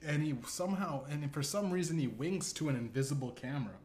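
A man's voice: a little high, lively intonation, quick pace, a little mellow, a little hiss or hum. A man hosting a comedy podcast, telling an absurd story in a rambling, profane way, full of "you know what I'm saying.". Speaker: podcast host. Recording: echoey room with faint ambience.

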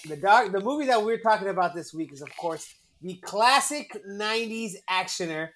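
A man's voice: sits high, expressive, moderate pace, a bit bright. Guy hosting a movie podcast, rambly and jokey, a bit of hiss in the background. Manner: rambling, joking, repeats words. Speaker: podcast host. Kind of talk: casual movie podcast chat.

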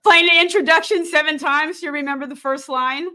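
A woman's voice: high-pitched, fairly even intonation, brisk, pushed and bright, a little hiss or hum. A woman hosting a music podcast, speaking with enthusiasm and steering the conversation toward songwriting. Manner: enthusiastic, encouraging, steers the talk. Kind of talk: casual interview.

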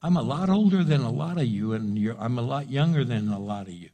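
An older man preaching a sermon, lively and conversational, acting out little exchanges between people. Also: mid-range voice, brisk. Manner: animated preaching with acted-out dialogue. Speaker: pastor.

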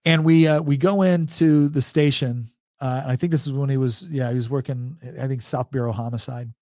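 A man in his forties shares a personal story as a guest on a podcast, moving from one thought to the next in a loose, chatty way. He laughs often and restarts his sentences, at a medium pitch. The sound is dry and close. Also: fairly even intonation, brisk, a little mellow, no echo. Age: 40s. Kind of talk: casual storytelling.

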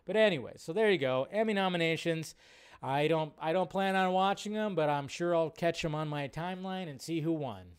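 A man's voice: a little high, a little fast, clear, resonant tone. A man hosting a casual live-stream chat, rambling and often cutting himself off as he reads out viewer questions. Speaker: host.

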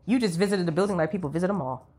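A woman co-hosting a casual podcast chat, blunt and animated, her voice rough after a week of coughing. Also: lowish voice, rapid-fire. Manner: blunt, animated storyteller who trails off quietly. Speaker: podcast co-host.

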